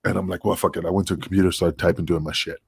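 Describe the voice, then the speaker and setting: A man's voice: sits low, racing, vocal fry, slightly rough, dry recording. Profane middle-aged man telling war stories. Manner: profane, animated, acts out dialogue. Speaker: podcast guest. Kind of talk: casual storytelling.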